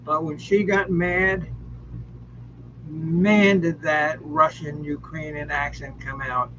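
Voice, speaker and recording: A man's voice: on the high side, steady tone, takes it slowly, fairly bright tone. A man joining a casual livestream game night, rambling and joking with lots of fillers, over muffled stream audio with faint hiss.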